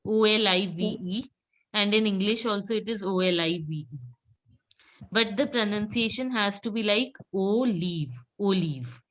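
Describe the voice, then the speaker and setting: Lady teaching a class, mid-pitched voice, says words slow and again and again for students. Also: a bit bright. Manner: patient, repeats words slowly for students to echo; calls on students by name and praises. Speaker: French teacher. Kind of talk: live class pronunciation drill.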